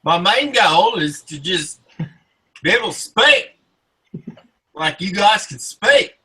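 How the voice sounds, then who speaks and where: A man's voice: high voice, very animated, slow pace, bright, forceful tone, slightly rough, low-quality recording. A man from the United States chatting playfully on a live stream, joking with his co-host. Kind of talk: casual chat.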